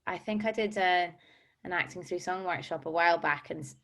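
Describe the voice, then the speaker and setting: A woman's voice: lowish voice, a little fast, fairly bright tone. A young woman with a Glaswegian Scottish accent, chatting candidly about auditions in a casual panel discussion. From Scotland. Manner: candid, chatty, frequent fillers. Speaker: performer sharing audition advice.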